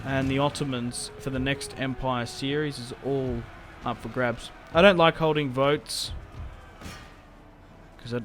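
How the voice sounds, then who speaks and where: A young man giving casual, rambling game commentary, self-mocking and prone to sudden excited outbursts. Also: mid-range voice, measured pace, slight background noise. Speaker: gaming YouTuber. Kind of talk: casual Let's Play commentary. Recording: game music playing faintly behind.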